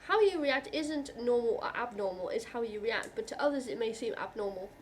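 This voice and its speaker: A woman vlogger talking to camera in an earnest, reassuring way, halting and restarting often as she speaks from the heart. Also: a little high, expressive, slight background noise. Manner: heartfelt, openly emotional. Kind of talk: personal talk to camera.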